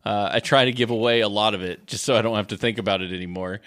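A man's voice: lowish voice, fairly even intonation, quick pace, a bit bright, no room sound, clean studio sound. A man co-hosting a casual podcast chat, joking and rambling, sometimes reading out short trivia facts. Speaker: podcast co-host.

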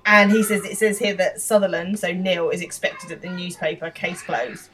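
A woman's voice: fairly low pitch, fairly even intonation, moderate pace, fairly bright tone, distant mic, low-quality recording. A woman co-hosting a podcast, chatting casually through an episode recap and laughing often as she retells scenes. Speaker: podcast co-host.

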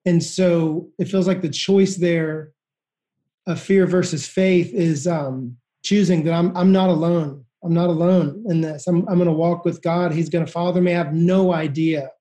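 A man with a fairly high but mellow voice thinks aloud softly. His warm tone keeps his reflections gentle. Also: steady tone, normal speed. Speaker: participant in a prayer call.

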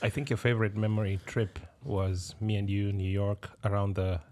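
A man's voice: lowish voice, flat delivery, normal speed, darkish tone. A man from Kenya with a Kenyan accent chatting casually, chiming in briefly and laughing easily. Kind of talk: casual chat.

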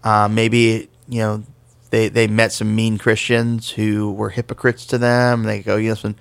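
A man's voice: fairly low pitch, monotone, a little slow, gravelly, dry recording. A man co-hosting a casual podcast discussion about faith, explaining things conversationally with the odd self-deprecating joke. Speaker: podcast co-host.

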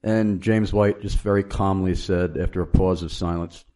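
A man's voice: low voice, fairly even intonation, normal speed, hardly any pauses, warm tone. A man hosting a theological discussion, telling an anecdote with frequent hesitations. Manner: storytelling, frequent uh fillers. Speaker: host.

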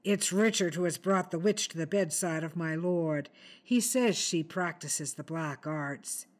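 A woman's voice: lowish voice, measured pace, pitched below the performer's own voice, lightly acted. A woman doing a gasping, frightened young servant. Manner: gasping, breathless replies. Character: injured young male servant, frightened and pleading.

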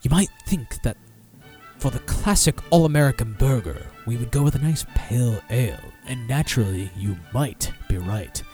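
A man's voice: mid-range voice, moderate pace, soft background music. A man hosting a podcast, chatting casually and reading out food and beer pairings with plenty of swearing. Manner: profane, animated, breaks off to comment. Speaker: podcast host. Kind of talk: casual chat, reading aloud.

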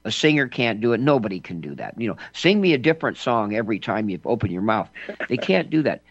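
A man's voice: lowish voice, sing-song, fast, no room sound, dull audio. A man hosting a political radio talk show, emphatic with folksy asides.

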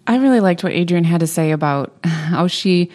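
A woman's voice: fairly low pitch, moderate pace, a little mellow. A woman co-hosting a recovery podcast, chatting conversationally and laughing lightly. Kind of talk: casual podcast discussion.

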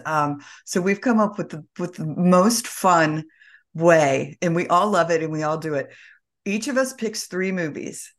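Brief: woman podcast host, lowish voice, chatty and affirming. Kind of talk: casual interview chat.

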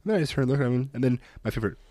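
A man's voice: mid-range voice, animated, racing, warm tone, dry recording, clean studio sound. A man co-hosting a casual chat podcast, bluntly talking about parenting and swearing freely as he rants.

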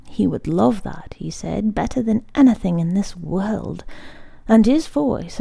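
A woman reading a literary short story aloud in a measured, unhurried way, sometimes dropping to a hushed near-whisper. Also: medium pitch, creaky. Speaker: audiobook reader.

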